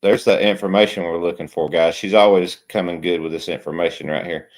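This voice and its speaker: Easygoing male livestream host, lower voice. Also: fairly even intonation, fairly quick. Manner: easygoing, chatty, reads out viewer comments. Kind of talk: casual chat.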